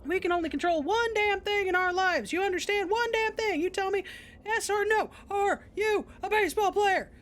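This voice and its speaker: A gruff baseball coach from a video game barks loudly and intensely, as a woman puts him on. He talks in hard, clipped bursts. The voice pitches high. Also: lively intonation, fairly quick. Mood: yelling. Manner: loud, barking and intense.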